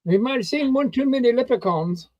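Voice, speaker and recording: A man's voice: extremely high pitch, lively intonation, a little fast, darkish tone, no room sound, highs cut off. A man co-hosting a live chat, teasing and repeating words for laughs. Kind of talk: joking casual chat.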